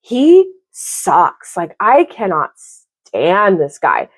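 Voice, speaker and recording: A woman in her thirties giving a casual, exasperated book review, talking in an animated way with lots of "like". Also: lowish voice, very slow. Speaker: book vlogger.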